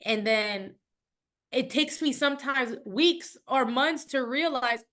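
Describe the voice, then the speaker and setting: A woman's voice: sits high, slow, a bit bright. A woman guest on a podcast, chatting in a reflective, casual way with plenty of fillers. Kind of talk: casual interview chat.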